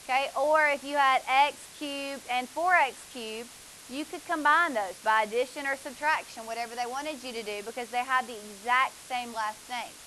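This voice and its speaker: A woman's voice: high voice, normal speed, bright, forceful tone, a little hiss or hum, low-quality recording. A woman, teaching a math class, asking students questions and praising their answers.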